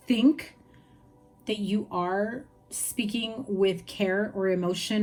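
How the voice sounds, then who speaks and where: A woman's voice: lowish voice, darkish tone. A woman giving a casual tarot reading to viewers, chatty and reassuring, often checking in with "right?" and "you know". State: hiccups. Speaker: tarot reader.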